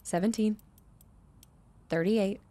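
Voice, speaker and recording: A woman's voice: mid-range voice, steady tone, slow pace, mellow. A woman commenting on her own gameplay, muttering number combinations to herself, chatting with viewers and laughing often. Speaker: gaming streamer. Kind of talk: let's play commentary.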